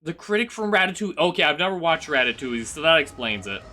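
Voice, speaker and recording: High, bright-voiced male streamer. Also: fast talker, slight background noise. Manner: animated, rambling, teasing. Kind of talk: casual game-stream chat.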